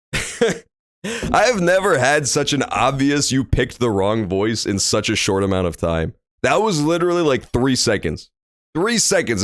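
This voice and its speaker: A man's voice: lowish voice, dry recording, studio quality. A young man casually commenting while playing a story game, joking crudely and swearing freely, at a desk microphone at home. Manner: crude, profane, jokey.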